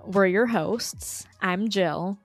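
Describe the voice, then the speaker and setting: A woman's voice: medium pitch, drawn-out words, faint music behind. A woman hosting a podcast, opening the show and chatting in an upbeat, casual way. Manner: upbeat, supportive interjections. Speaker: podcast co-host. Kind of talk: casual chat.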